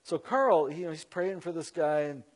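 A man telling a story to an audience in an animated, conversational way, with many fillers and asides. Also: fairly high pitch, moderate pace. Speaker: Christian speaker. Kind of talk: storytelling talk.

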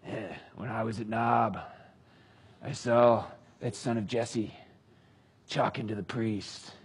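A man voicing a sly, sinister male servant who tells on others in a slow mutter. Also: fairly low pitch, fairly even intonation, breathy edge, pitched below the performer's own voice, heavily acted.

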